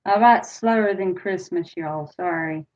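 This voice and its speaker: A woman's voice: lowish voice, unhurried, a little mellow. A woman hosting a casual live-stream trivia game, chatty and laughing often as she reads out questions and chats with viewers. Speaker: livestream trivia host. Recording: dull lo-fi stream audio.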